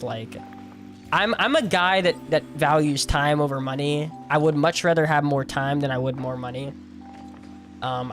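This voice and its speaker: A man's voice: on the high side, fairly bright tone. A tired man in his twenties streaming, chatting casually in a rambling, self-mocking way and laughing often. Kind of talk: casual livestream chat while gaming.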